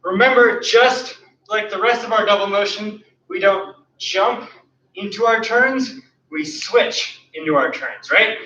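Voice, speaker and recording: At a measured pace, a man coaches an online martial arts class, performing the kicks, counting each one and giving cues in a high, bright voice. He's winded, and the dull-sounding audio puts him away from the mic in a roomy studio.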